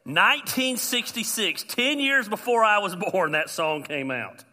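High bright-voiced pastor preaching. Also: male voice, a little slow. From US South. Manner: animated, self-deprecating humor. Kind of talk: sermon.

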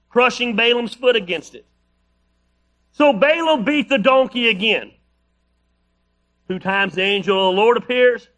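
A man's voice: sits high, fairly bright tone. A male pastor preaching a sermon, reading scripture aloud with playful, joking asides.

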